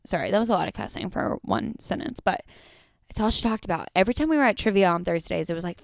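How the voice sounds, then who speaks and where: A woman's voice: medium pitch, a little fast, gravelly, clean tone, no echo, studio quality. A young woman hosting a solo podcast, chatting casually with lots of fillers and swearing freely. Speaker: podcast host.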